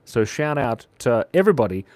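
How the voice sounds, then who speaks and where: A man's voice: medium pitch, big pitch swings, a little fast, a little mellow. Playful, jokey man drawing on a live stream. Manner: jokey, playful, reads chat aloud. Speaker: livestream artist.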